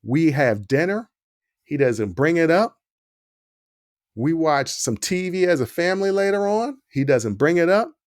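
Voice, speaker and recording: A man's voice: on the high side, unhurried, no room sound. Man telling a story, very dry sound. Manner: animated, acts out the quoted dialogue. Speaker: podcast host. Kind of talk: casual storytelling.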